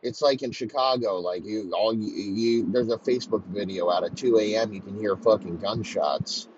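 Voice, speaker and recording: A man's voice: lowish voice, normal speed, a little mellow. A man ranting crudely and mockingly, swearing constantly in a comedic tirade. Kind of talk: profane comedic rant. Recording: slightly muffled lo-fi recording, faint background noise.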